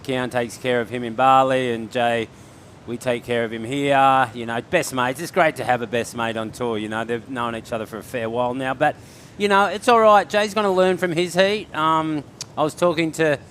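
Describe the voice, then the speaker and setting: An Australian man on surf commentary, rambling through stories full of fillers and chuckles. His voice is mid-pitched and plain, with faint noise behind it. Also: normal speed, fairly bright tone. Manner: rambling, laughing storyteller. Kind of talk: casual on-air storytelling.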